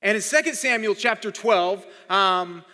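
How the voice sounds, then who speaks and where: A man's voice: high-pitched, measured pace, pushed and bright, big-room sound. A man preaching a sermon as pastor, conversational and often repeating words while he thinks. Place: church hall.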